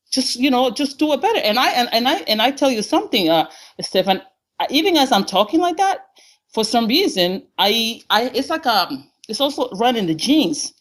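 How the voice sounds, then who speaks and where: A woman guest in an interview, speaking emphatically and rambling as she searches for words. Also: on the high side. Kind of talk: conversational interview.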